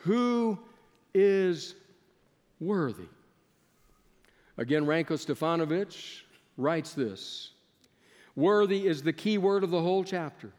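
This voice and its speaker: A man's voice: on the high side, lively intonation, takes it slowly, pauses often. Dramatic preacher man in a reverberant hall. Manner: dramatic swings from loud to hushed. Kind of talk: sermon.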